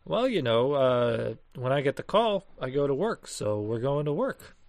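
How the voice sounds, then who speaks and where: A man's voice: mid-range voice, big pitch swings, normal speed, creaky, darkish tone, no room sound. A hired male enforcer, played by a man, matter-of-fact about his orders and prone to stumbling fillers. The recording is dry and close.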